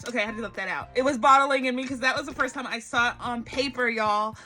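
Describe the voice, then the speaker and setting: A woman in her thirties from Barbados, chatting casually to camera about her budget, lively and addressing viewers as y'all. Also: fairly high pitch, quick pace, few pauses, faint music behind. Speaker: budgeting vlogger.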